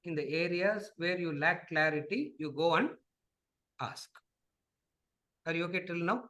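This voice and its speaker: Man, Vedanta teacher, lecture with questions and answers, high voice, repetitive rhetorical questions. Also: bright, forceful tone, rough recording.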